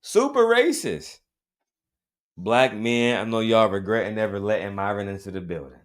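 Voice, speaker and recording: A man's voice: lowish voice, fairly even intonation, brisk. A man hosting a reaction commentary show, talking bluntly in profane street slang and hammering his points with repetition.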